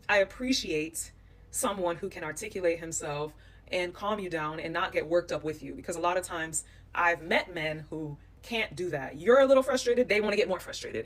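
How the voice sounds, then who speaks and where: Woman, vlog storytelling, animated, acts out quotes, slightly low voice. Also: far from the mic. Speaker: vlogger recounting a trip.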